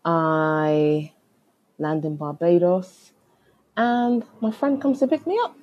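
A woman's voice: fairly low pitch, slow, no echo, highs cut off. A woman casually telling a story from her travels, acting out both sides of the conversation.

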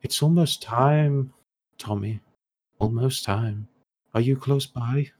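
A man voicing a scheming figure who speaks into a hero's mind, smug, patronizing and softly menacing. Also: mid-range voice, slow pace, slight background noise, pitched above the performer's own voice, close to an everyday voice.

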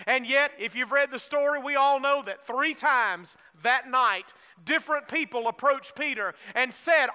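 A man's voice: very high voice, a little slow, few pauses, pushed and bright, smooth. A middle-aged man preaching a sermon, with call-and-response asides to the congregation, recorded in a large church with long reverb. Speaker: pastor.

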